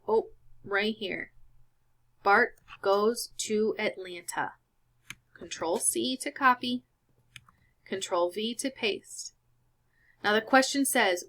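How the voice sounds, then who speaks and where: A woman walks learners through a Spanish worksheet, patient and careful as she explains each step. She talks at an unhurried, slow pace. Her voice has a bright, clear edge. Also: mid-range voice. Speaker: Spanish teacher. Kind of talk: screen-recorded lesson walkthrough.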